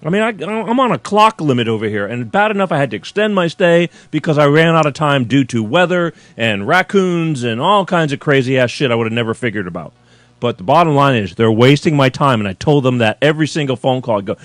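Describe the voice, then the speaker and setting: A man's voice: fairly high pitch, sing-song, a little fast, dry recording. A man hosting a live call-in show, complaining in an exasperated, rambling, profane way to his viewers. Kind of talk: live-streamed rant to viewers. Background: faint chill music.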